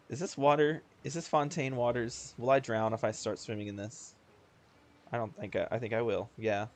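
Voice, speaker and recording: A man's voice: mid-range voice, fairly even intonation, normal speed, long pauses. A man casually chatting and rambling while playing a game, laughing often and joking about himself. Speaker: gaming video host. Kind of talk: casual let's-play commentary. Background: faint game music.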